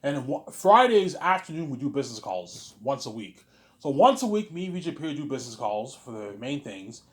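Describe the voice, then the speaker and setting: A man's voice: mid-range voice, sing-song, fairly quick. A man talking casually in a rambling monologue, often saying "obviously" and pleading with emphasis. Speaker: host. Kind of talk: casual monologue, imagined film planning.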